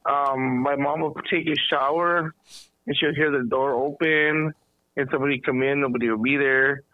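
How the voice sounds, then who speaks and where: A man hosting a podcast, telling a rambling story in a casual, animated way. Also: medium pitch, normal speed. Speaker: podcast host. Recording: thin phone-like sound, dry.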